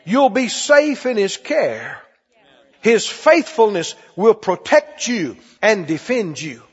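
A male preacher delivering a call-and-response sermon, with folksy phrasing and shouts on key lines. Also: high voice, big pitch swings, slow pace, slightly rough. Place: church sanctuary. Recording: lo-fi hall recording. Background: congregation responding.

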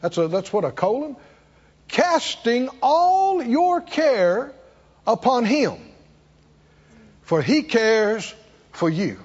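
Emphatic preacher in an echoey hall. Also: male voice, extremely high pitch, big pitch swings, takes it slowly, long pauses, breathy edge, highs cut off. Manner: emphatic, rhetorical questions, swings between soft and loud. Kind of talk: sermon.

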